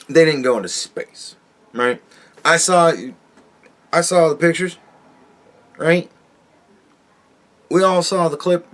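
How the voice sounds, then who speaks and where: A man's voice: mid-range voice, fairly bright tone. A man hosting his own show, ranting alone in a casual, exasperated and sarcastic way, swearing and restarting his sentences often. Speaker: podcast host. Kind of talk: casual solo rant.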